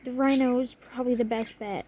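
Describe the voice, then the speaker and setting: A young woman vlogger with a high, bright voice tells a story straight to camera. She talks in an excitable, animated way, full of gasps and little laughs. Faint noise sits behind her voice. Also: fairly quick.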